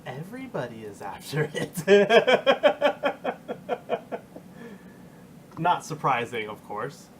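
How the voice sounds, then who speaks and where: A man's voice: medium pitch, very animated, normal speed, hardly any pauses, a bit bright, slight background noise. A man playing a tabletop game, chatting casually and slipping into his character's polite speech. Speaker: player. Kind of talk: casual play, in-character talk.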